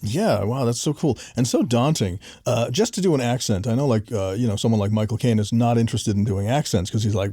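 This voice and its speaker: A man's voice: medium pitch, brisk, few pauses, mellow, no room sound, studio quality. A man hosting a casual interview, chatty and joking as he asks loose questions. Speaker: interview host.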